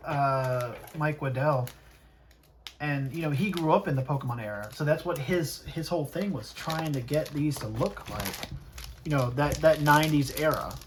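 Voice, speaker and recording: A vlogger chatting casually while opening trading cards, rambling with frequent restarts and animated asides. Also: medium pitch, normal speed, background noise. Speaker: card-collecting vlogger.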